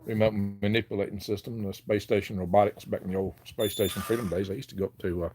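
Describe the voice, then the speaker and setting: A man's voice: fairly low pitch, steady tone, quick pace, darkish tone, slight background noise. An older man with a Southern US accent hosting a casual live chat into a handheld phone, folksy and chuckling often. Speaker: livestream host.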